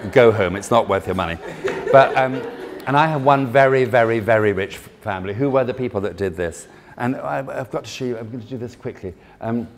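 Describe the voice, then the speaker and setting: Chatty, joking man in an echoey hall. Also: lowish voice. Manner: chatty, self-deprecating, joking. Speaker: event designer giving a talk. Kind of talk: anecdotal presentation to an audience. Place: large formal hall. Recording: echoey hall, faint background noise.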